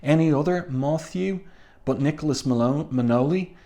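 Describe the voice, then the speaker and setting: A man's voice: on the high side, normal speed, warm tone, voice pushed up, close to an everyday voice. A man reading as a curt, dismissive lawyer. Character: gruff older male lawyer with an odd accent.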